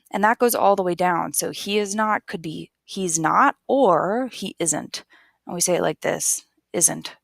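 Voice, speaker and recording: A woman teaching basic English grammar, explaining patiently and repeating each word slowly for learners. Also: mid-range voice, vocal fry, no room sound, studio quality. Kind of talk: slow, careful classroom explanation.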